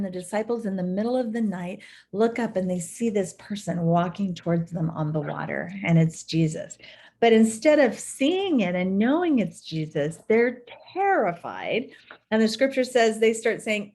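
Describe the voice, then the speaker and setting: A woman teaching a devotional Bible study who tells the scripture stories with animated, storytelling energy. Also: mid-range voice.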